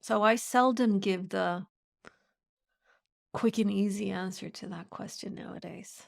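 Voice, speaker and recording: A woman's voice: mid-range voice, fairly even intonation, measured pace, creaky. A woman hosting a podcast, talking in a reflective, meandering way in casual conversation. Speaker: podcast host.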